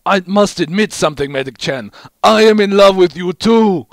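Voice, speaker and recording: Man doing a big affectionate soldier, broken English, slightly raised pitch, fan story reading. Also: animated, moderate pace, no room sound, studio quality.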